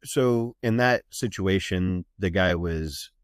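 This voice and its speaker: A man's voice: deep voice, slow pace, clear, resonant tone, no echo, studio quality. A man from Ohio, a flight medic, telling blunt, profane, matter-of-fact war stories in a casual podcast interview. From Ohio, USA.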